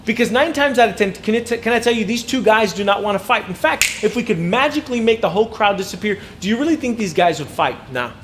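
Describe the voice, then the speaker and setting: A man giving an inspirational talk to teachers, animated and acting out students' voices. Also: sits high, fast talker, hardly any pauses, a little hiss or hum. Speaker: inspirational speaker.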